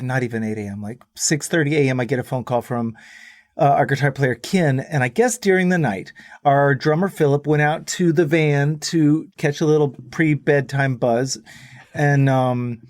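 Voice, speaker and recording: A middle-aged man from Texas, a guest musician on a podcast, telling a rambling, animated anecdote and acting out other people's lines. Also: medium pitch, moderate pace, no echo. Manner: rambling, animated storyteller who acts out quotes.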